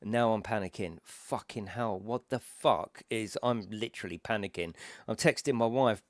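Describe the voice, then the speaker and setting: A man's voice: on the low side, moderate pace, no echo, studio quality. A man with a gaming channel, telling a story to camera in a casual, rambling way and swearing freely. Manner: swears freely, tells a story about frantic travel trouble.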